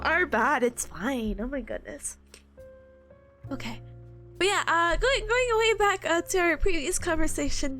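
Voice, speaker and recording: A young woman streamer chats with her audience in a high voice that leaps all over the place. She rambles, laughs constantly and lets her feelings show, with soft music playing faintly underneath. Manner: laughs often, emotional and rambling. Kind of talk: casual chat with viewers.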